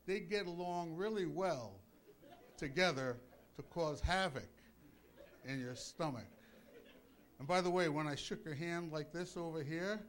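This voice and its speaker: A man preaching with jokes to a congregation, hoarse from bronchitis, playful and bursting into loud exclamations. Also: fairly high pitch. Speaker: pastor. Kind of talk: sermon with jokes. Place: church before a congregation.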